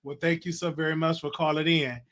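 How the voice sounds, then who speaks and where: A man's voice: a little high, little pitch movement, a little fast, fairly bright tone. A man hosting a live call-in show, casual and playful with callers. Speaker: host.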